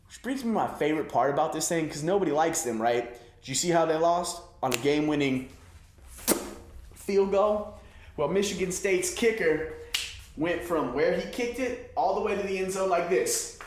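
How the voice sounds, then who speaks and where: A man's voice: medium pitch, expressive, normal speed, reverberant. A man in his twenties riffing on sports in a loose, slangy comedy set, a little winded. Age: 20s. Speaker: host. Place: room with an audience.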